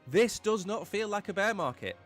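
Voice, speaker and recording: A man's voice: sits high, expressive, moderate pace, faint music behind. Blunt man on crypto commentary. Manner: emphatic, blunt, opinionated. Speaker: crypto market show host. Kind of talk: live-stream market commentary.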